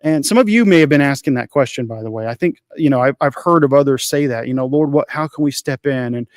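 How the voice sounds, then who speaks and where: A man's voice: medium pitch, fast, no echo, clean studio sound. A man co-hosting a casual faith podcast, telling a personal story in an earnest, emotional way, repeating phrases and restarting often. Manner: frequent restarts and fillers. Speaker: podcast co-host.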